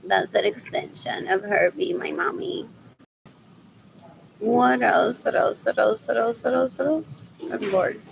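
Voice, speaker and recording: Middle-aged woman rambling on her own, keeps repeating herself, bit gravelly, pitch on the higher side, switches into spanish now and then. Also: measured pace, background noise. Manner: repeats phrases over and over, drifting and muttering; mixes English with Spanish phrases. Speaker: vlogger. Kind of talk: rambling solo monologue.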